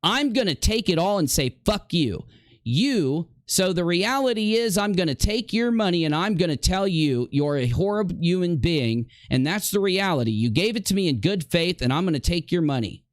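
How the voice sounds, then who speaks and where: A man's voice: sits high, expressive, normal speed, no room sound, clean studio sound. A man streamer in a heated livestream rant, confrontationally addressing a rival directly.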